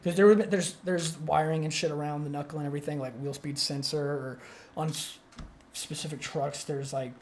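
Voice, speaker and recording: A man's voice: fairly high pitch, fairly even intonation, a little fast, darkish tone, slight background noise. Young guy cohosting a podcast, swears a ton, rambly and worked up, keeps restarting sentences. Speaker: podcast co-host. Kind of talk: casual storytelling chat.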